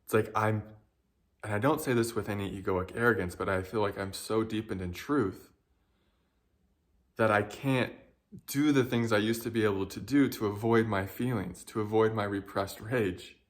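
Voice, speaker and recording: Earnest man with a lowish voice. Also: moderate pace. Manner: earnest, emotional, searching for words. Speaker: spiritual guide. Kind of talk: heartfelt personal reflection.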